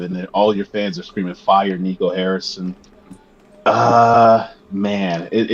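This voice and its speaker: A man with a lowish voice chats as a podcast guest, joking and relaxed. His audio sounds dull and lo-fi, as if from a cheap mic. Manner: joking, laid-back banter. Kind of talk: casual podcast chat.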